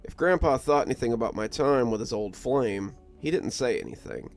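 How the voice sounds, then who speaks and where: A man reading a scripted first-person story in a calm, measured manner. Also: mid-range voice. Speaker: narrator. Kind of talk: scripted horror story narration. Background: soft music.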